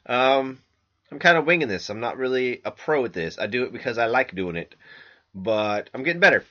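A man hosts a podcast in a loose, profane monologue, full of fillers and restarts. His voice is bright and sharp, at a middling pitch. The sound is dull and lo-fi, recorded on a laptop microphone. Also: lively intonation, moderate pace. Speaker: podcast host. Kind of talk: casual rambling monologue.

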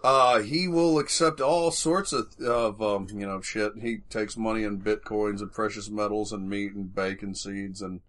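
A man hosting a podcast in casual banter, swearing freely, excitable, with loud outbursts. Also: lowish voice, measured pace, hardly any pauses. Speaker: podcast host.

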